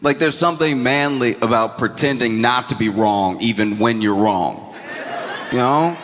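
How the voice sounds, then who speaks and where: A man performing a stand-up comedy set, telling stories with animated delivery and quick character voices on a handheld stage mic. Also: medium pitch. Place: comedy stage before an audience. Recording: reverberant hall with audience noise.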